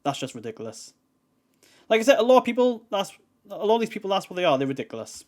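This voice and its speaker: A man gives casual commentary over video clips. His voice sits a bit high for a man, and he rambles with many fillers. He sounds exasperated. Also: sing-song, quick pace. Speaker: reaction video host.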